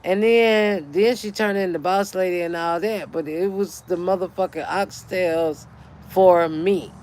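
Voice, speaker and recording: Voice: mid-range voice, fairly even intonation, measured pace, darkish tone, slight background noise. A middle-aged speaker, ranting in casual livestream chat and telling a heated story full of swearing. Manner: profane, heated storytelling rant. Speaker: channel host.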